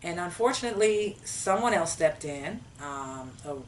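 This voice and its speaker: A woman telling a personal story in a casual, animated way, acting out her own past conversations. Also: lowish voice, moderate pace, far from the mic, slight background noise, poor audio.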